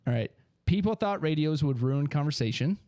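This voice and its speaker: A man co-hosting a casual podcast, reading quick trivia facts with laughs. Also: on the high side, lively intonation, dark tone, dry recording. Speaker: podcast co-host.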